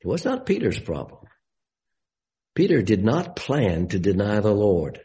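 Guy preaching a bible lesson real slow, lowish voice, leans hard on key words. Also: huge pitch swings, mellow, low-quality recording. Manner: slow, deliberate teaching with emphatic rises. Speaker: Bible study teacher. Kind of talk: sermon.

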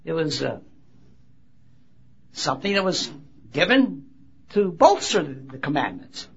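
Husky high-voiced man preaching. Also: very animated. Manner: halting, restarts phrases, emphatic rises. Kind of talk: sermon with Bible reading. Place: convention gathering. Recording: dull lo-fi recording.

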